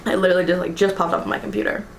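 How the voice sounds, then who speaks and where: Racing along in a fairly low, level-toned voice, a young adult American vlogger chats through a list of tag questions. She giggles often and fills gaps with ums and likes, recorded in an echoey room with slight background noise.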